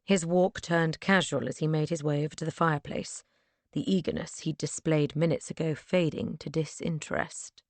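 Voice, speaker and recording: A woman narrating a first-person audiobook in a measured, earnest storytelling manner on a close mic. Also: sits low, fairly even intonation, a little mellow, no room sound.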